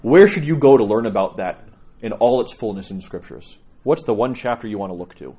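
Priest giving a casual teaching: lively, slightly husky man who tells stories. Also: fairly low pitch, fairly quick. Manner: conversational, animated storyteller with laughs. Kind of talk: teaching talk to a congregation.

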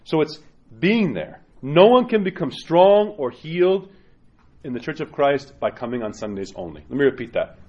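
A man's voice: on the high side, big pitch swings, moderate pace, darkish tone, dull audio. A man giving an informal homily as an Orthodox priest, speaking directly and often ending points with a tag question. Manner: conversational and direct, many tag questions, acts out quoted parishioners.

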